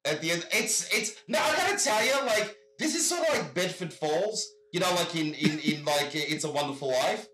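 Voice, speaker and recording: A man with an Australian accent tells rambling stories, over and over saying he has to tell you something. His voice is bright and a little high, and it rings in an echoey room. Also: lively intonation, moderate pace, few pauses, soft background music. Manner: rambling storyteller, repeats "I gotta tell you". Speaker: guest. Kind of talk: casual chat. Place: home in Michigan.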